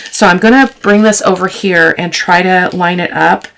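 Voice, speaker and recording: A woman's voice: fairly low pitch, steady tone, moderate pace, creaky, fairly bright tone. A woman hosting a casual crafting tutorial, chatting to her viewers and teasing herself as she works. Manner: chatty, talks to viewers while working, self-teasing. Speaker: craft channel host.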